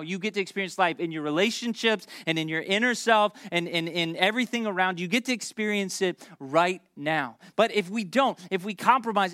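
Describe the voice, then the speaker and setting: A pastor from Memphis preaching a conversational sermon, joking and talking straight to the congregation. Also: male voice, fairly high pitch, a bit bright, no echo, studio quality. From Memphis, United States. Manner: conversational and joking, with asides to the crowd.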